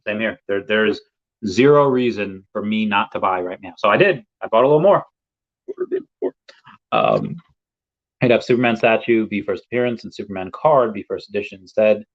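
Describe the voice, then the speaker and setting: A man hosting a live podcast, chatting casually and rambling with many fillers as he reads comments. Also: on the low side. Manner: rambling, laid-back, lots of fillers. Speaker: podcast host. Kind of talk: casual live-stream chat. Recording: dull lo-fi stream audio.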